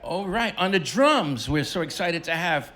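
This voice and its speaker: A man's voice: on the high side, lively intonation, unhurried, noisy background. A man emceeing his band on a festival stage, joking and teasing the crowd through a stage microphone. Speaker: bandleader and emcee. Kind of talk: live stage banter.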